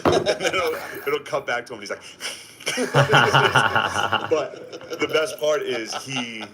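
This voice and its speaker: A man's voice: medium pitch, moderate pace, crowd noise. A man in casual chat, teasing and cracking jokes. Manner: joking, teasing interjections.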